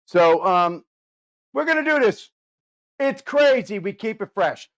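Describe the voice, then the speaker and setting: A man hosting a radio show, energetic and teasing, rambling through live banter into a studio microphone. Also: sits high, unhurried.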